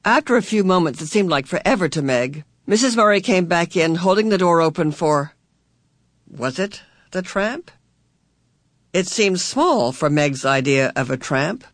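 A man narrating a story in a measured, even storytelling manner. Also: sits high, dry recording. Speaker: audiobook reader. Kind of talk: scripted narration.

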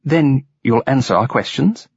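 A man's voice: mid-range voice, expressive, unhurried, vocal fry, slightly rough, no echo, voice pushed up, full character voice. A man putting on a lilting Welsh resistance leader. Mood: calm, persuasive. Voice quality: musical, softly lilting sing-song voice. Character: elderly thick-set male resistance leader, calm, persuasive. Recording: dull lo-fi recording.

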